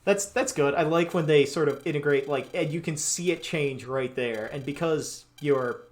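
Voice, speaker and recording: This let's play commentator talks at a moderate pace in a somewhat high voice, keeping things chatty and playful as he plays. Soft game music sits in the background, and he performs the game's dialogue in playful voices.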